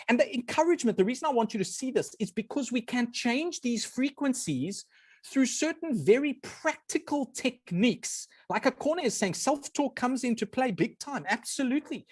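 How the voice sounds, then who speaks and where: A man's voice: very high voice, moderate pace, no room sound, clean studio sound. A man giving an earnest talk as a guest speaker, explaining ideas step by step. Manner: earnest, animated, often apologizes. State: briefly emotional. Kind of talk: presenting a talk on a video call.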